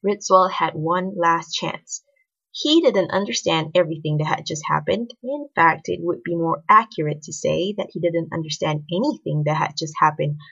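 A woman reads a story aloud with expressive narration. Her voice is low and husky. The recording is dull and lo-fi. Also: moderate pace.

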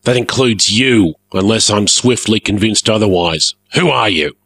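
A man voicing a gruff, blustering male airship pirate captain who barks his orders, in a storybook reading. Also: fairly low pitch, a little slow, fairly bright tone, no echo. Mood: commanding.

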